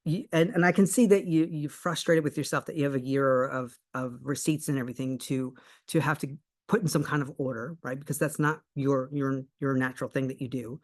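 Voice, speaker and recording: A manifestation coach giving a motivational talk and telling a personal story, earnest and emphatic, slowing right down on key points. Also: mid-range voice. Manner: animated storyteller, acts out both sides of conversations.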